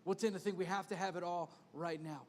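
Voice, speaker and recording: Brief: upbeat male pastor with a high voice, preaching in a sermon style in a reverberant church hall. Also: fast. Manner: energetic, comic storytelling with repeated exhortations. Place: church auditorium.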